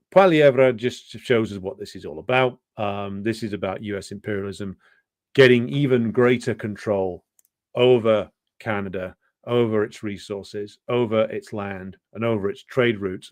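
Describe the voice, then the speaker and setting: A man with a fairly low voice delivers an off-the-cuff political commentary monologue. He is sardonic and scornful and drops in profanity. His speech is full of fillers and restarts, and it is recorded dry with no room echo. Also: unhurried, darkish tone. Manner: loose, unscripted delivery with many fillers.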